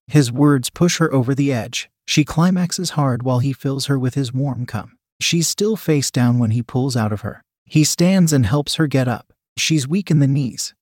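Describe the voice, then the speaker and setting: A man reading a story aloud, in a steady, even narration. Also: medium pitch, moderate pace, hardly any pauses, no room sound, clean studio sound. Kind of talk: scripted narration.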